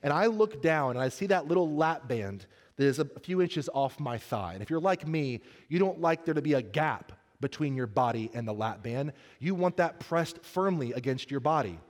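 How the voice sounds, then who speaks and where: A man's voice: a little high, animated, moderate pace, few pauses. Man preaching a comic sermon in a hall. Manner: storytelling with comic asides, then earnest and soft. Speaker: pastor.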